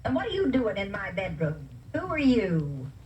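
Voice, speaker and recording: A woman's voice: mid-range voice, huge pitch swings, moderate pace, a little mellow. An actress playing a suspicious, grumpy bedridden old woman who questions people in a querulous, demanding way, heard from an old film soundtrack. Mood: indignant. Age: older. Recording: dull distant old film soundtrack with faint hiss.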